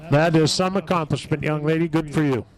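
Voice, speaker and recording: A man's voice: a little high, fairly even intonation, brisk, poor audio. A man announcing a race live, chatty and full of praise for the winner.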